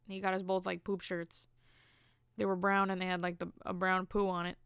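A woman's voice: fairly low pitch, monotone, a little fast, a bit bright, clear, resonant tone, no echo, clean studio sound. A young woman hosting a casual solo podcast, telling rambling, self-amused stories with jokey asides. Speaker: podcast host.

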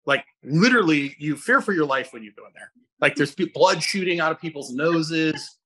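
Bright-voiced middle-aged man telling stories. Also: a little high, normal speed, slightly rough. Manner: animated storyteller who acts out other people's voices; rambling, with many restarts. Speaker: fitness coach and guest host. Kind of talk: casual podcast chat.

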